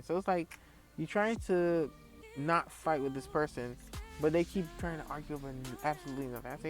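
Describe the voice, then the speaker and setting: A man's voice: fairly high pitch, brisk. A man in his early thirties ranting casually to camera, telling a heated story full of profanity and repetition, with faint music behind him. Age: early 30s. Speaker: vlogger.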